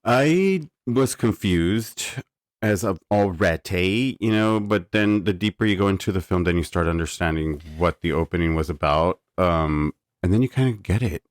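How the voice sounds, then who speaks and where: A man with a very low voice gives dry, teasing comments in a casual podcast chat and swears freely. His voice is recorded close and dry. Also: lively intonation, moderate pace, dry recording. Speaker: podcast co-host. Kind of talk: casual film review chat.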